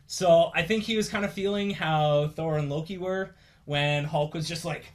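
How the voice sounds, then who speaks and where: A young man hosting a casual chat, rambling with lots of fillers and quick laughs. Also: fairly high pitch, a little hiss or hum. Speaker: podcast host.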